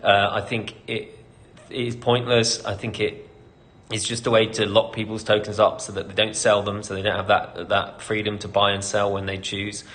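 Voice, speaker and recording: A man's voice: on the low side, flat delivery, normal speed, a bit bright. A British man, a company CEO, hosting a casual live Q&A, reading out questions and answering candidly with lots of ums and light laughter.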